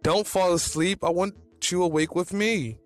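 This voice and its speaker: A man's voice: sits high, fairly even intonation, normal speed, pitched above the performer's own voice, lightly acted. A man voicing a playful, teasing young male character in a read-aloud fan story. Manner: teasing, cheeky.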